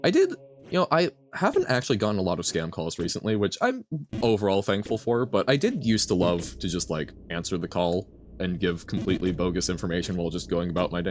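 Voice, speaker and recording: Lively low-voiced male streamer. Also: brisk, soft background music. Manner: animated, rambling, self-correcting, answers chat. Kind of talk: casual live-stream chat while gaming.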